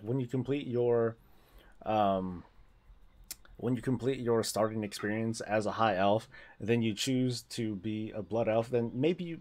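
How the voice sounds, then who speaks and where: A man's voice: mid-range voice, darkish tone. A man chatting casually on a gaming livestream, rambling, restarting his sentences and laughing often.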